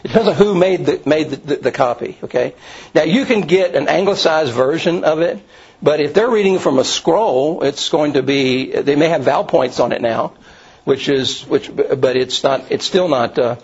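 A man's voice: a little high, moderate pace, a little mellow, breathy edge. A man teaching a Bible study class, explaining in a rambling way with many restarts and asides. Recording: dull lo-fi recording.

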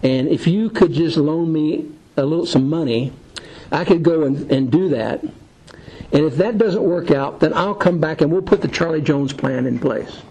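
Man doing a smooth-talking young con man begging for a loan; gravelly and husky. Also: fairly high pitch, measured pace, dark tone, low-quality recording. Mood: wheedling. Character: young con-man son pitching a scheme.

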